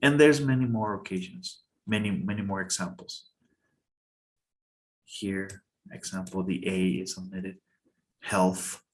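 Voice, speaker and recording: A man teaching an English pronunciation lesson in a casual, halting way, checking in with his students. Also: low-pitched, steady tone.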